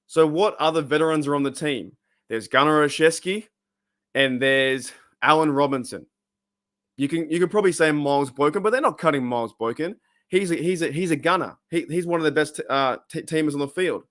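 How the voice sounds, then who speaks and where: A man's voice: a little high, normal speed, a bit bright. Fired-up man ranting about football. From Australia. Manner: rambling, fired up, chats with viewers. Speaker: fan channel host. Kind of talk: live-stream fan rant.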